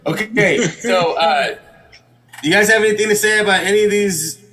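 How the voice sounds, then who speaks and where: A man's voice: high-pitched, moderate pace, pushed and bright. A man hosting a round table, rambling and hesitant with many fillers. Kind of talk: casual chat and joke telling.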